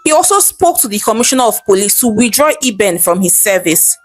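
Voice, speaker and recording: A woman's voice: mid-range voice, fairly quick, dry recording. Nigerian woman telling a folktale. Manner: lively, chatty narration. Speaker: storyteller. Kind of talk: storytelling narration.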